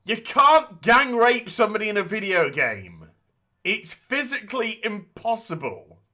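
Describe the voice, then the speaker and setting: Blunt, animated man ranting. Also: high-pitched, a little slow. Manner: blunt, animated and sweary, with frequent restarts. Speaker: podcast co-host. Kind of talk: casual podcast discussion.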